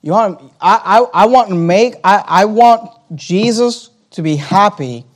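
A man preaching a sermon, emphatic, slowing down on key words, repeating phrases and turning to the congregation with asides. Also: high voice, lively intonation.

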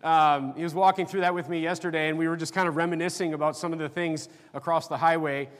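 Middle-aged preacher in an echoing hall. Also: male voice, on the high side, steady tone. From North Dakota. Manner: conversational, halting with fillers and restarts. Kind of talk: sermon. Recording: long reverb of a church hall.

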